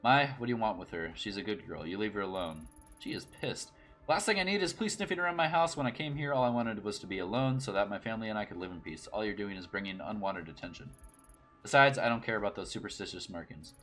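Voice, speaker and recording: Casting note: bitter haunted old woman, read by a man, curt and guarded, low voice. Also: fast, fairly bright tone, faint music behind, close to an everyday voice. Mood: defensive. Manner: curt and defensive, turning weary. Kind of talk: reading game dialogue aloud.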